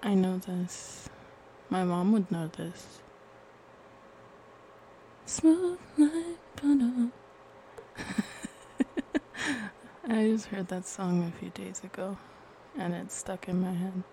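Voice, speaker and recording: A woman's voice: on the low side, little pitch movement, unhurried, gravelly, warm tone, a little hiss or hum, rough recording. A woman with a Minnesota accent, chatting casually in a vlog and laughing often at herself. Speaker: vlogger.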